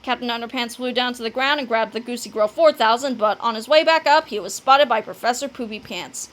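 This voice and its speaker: A woman reading a children's book aloud, telling the story with animated delivery and dramatic sound words. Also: a little high, brisk. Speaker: narrator.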